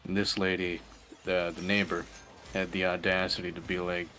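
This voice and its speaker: A young man streamer chatting casually, animated and quick to laugh. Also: deep voice, a little hiss or hum. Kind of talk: casual chat.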